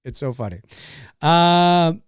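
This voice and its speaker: A man with a Canadian accent hosting a live stream, chatting in a rambling, animated way and swearing freely. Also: fairly high pitch, slow, clean tone, no room sound, studio quality. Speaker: host of a live show. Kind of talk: casual live-stream chat.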